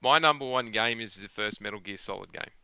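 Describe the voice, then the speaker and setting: A man's voice: lowish voice, a little fast, bright, forceful tone, smooth, dry recording. A man talking at length on a gaming podcast, rambling and emphatic, restarting his sentences often. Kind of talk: casual chat.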